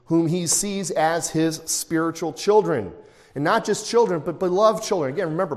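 A man's voice: on the high side, darkish tone. A middle-aged man preaching an expository sermon in a conversational, anecdotal way, with asides and chuckles. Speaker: pastor. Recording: long reverb in a large hall.

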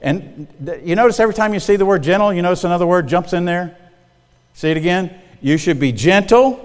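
This middle-aged pastor's voice sits high, expressive and fairly quick, as he delivers a folksy, conversational sermon. He checks in often with the congregation, and a long hall reverb colors the recording.

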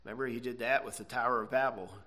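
A man's voice: medium pitch, steady tone, fast talker, sharp tone. A man preaching a sermon, earnest and emphatic, stretching out key words and checking in with "okay?". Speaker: pastor.

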